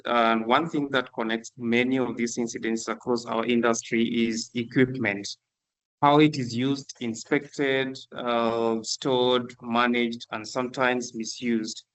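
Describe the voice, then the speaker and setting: Man starting his slides on a video call, pretty flat voice, keeps saying uh. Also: mid-range voice, unhurried, rough recording. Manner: hesitant, with many filler sounds. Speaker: guest presenter. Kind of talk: online presentation.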